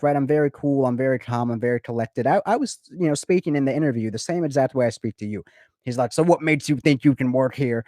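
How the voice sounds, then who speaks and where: Animated, swearing man telling a story. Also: medium pitch, no echo, studio quality. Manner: animated, profane, repeats himself. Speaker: guest in a recorded conversation. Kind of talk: casual storytelling chat, heavy swearing. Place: lives in Florida.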